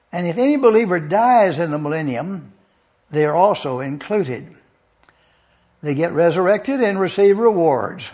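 A man's voice: on the high side, darkish tone, slightly rough, lo-fi sound. A man preaching an expository Bible lesson, methodically listing and repeating points for review with a dry touch of sarcasm.

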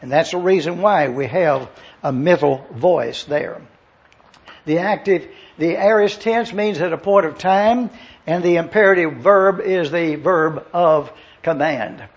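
Husky high-voiced older male pastor. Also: highs cut off. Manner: slow teaching, spells out Greek words letter by letter. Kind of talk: expository sermon.

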